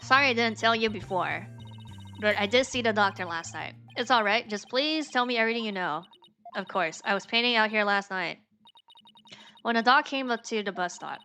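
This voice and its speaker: A woman's voice: medium pitch, animated, moderate pace, bright, forceful tone, faint music behind. A woman streaming a story game, reading its dialogue aloud with casual, slangy asides. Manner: casual, swears and laughs between lines.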